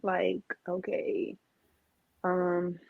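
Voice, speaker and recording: A woman's voice: lowish voice, very slow, creaky, phone-quality sound, a little hiss or hum. A woman co-hosting a casual chat, telling stories animatedly and acting out quotes. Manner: animated storyteller, acts out quotes. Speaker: podcast co-host.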